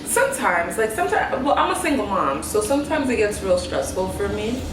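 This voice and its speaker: A woman's voice: medium pitch, a little fast, distant mic, noisy background. A young woman chatting casually about motherhood, telling stories with lots of laughter and slangy asides. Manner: animated storyteller, laughs often. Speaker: host. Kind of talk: casual chat. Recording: roomy sound with music behind.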